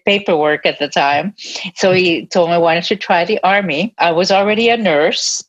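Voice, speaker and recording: A retired army nurse, an older woman with a low-pitched voice, tells her life story in an interview. She's earnest and reflective, with occasional soft laughs, and the recording sounds dull and lo-fi.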